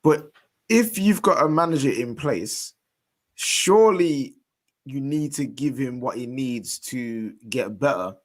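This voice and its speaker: A man in a casual football chat, questioning the others and thinking out loud. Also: mid-range voice, animated, slow. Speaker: guest pundit.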